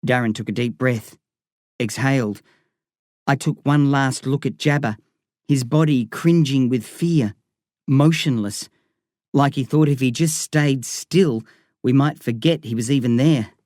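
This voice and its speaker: A man narrates a novel in a measured, vivid reading voice of middling pitch. The recording is close-miked and dry, with no room sound. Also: a little mellow, dry recording. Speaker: audiobook reader. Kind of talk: scripted narration.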